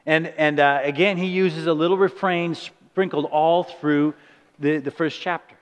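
High-voiced male preacher in reverberant hall. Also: fairly even intonation, measured pace. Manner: emphatic, asks the listeners rhetorical questions. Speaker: pastor. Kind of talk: sermon. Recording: long reverb of a large hall.

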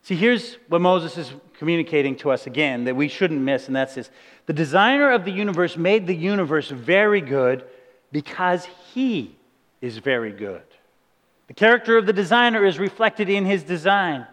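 Male pastor, high voice, emphatic sermon with rhetorical questions, long hall reverb. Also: animated, a little fast, fairly bright tone.

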